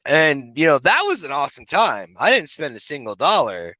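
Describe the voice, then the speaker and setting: A middle-aged man spins crude, rambling stories for a podcast, swearing freely and acting out the people he quotes. His voice has a bright, forceful edge. The sound is dry and close, with almost no room. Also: a little high, moderate pace, no echo, rough recording. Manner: profane, rambling anecdotes with animated quoted voices. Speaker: podcast co-host. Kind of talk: crude casual storytelling.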